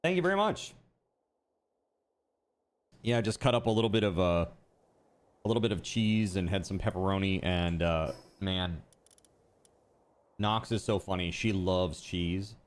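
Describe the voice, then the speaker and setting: A man chatting casually with his live-stream viewers while playing a game, easygoing and quick to laugh. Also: low-pitched, steady tone. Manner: chatty and easygoing, laughs often, talks to chat.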